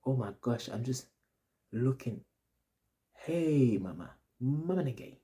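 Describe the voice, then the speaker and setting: A man's voice: mid-range voice, animated, slow pace, dark tone. A young man telling a story to his audience in a casual, rambling, slang-heavy way, repeating himself often. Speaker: vlogger.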